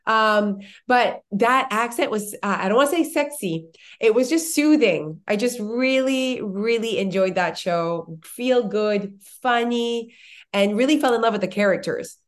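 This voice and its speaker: A woman's voice: on the high side, measured pace. Woman with a strong accent, gushing. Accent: strong non-native accent in English. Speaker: podcast co-host. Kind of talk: casual chat.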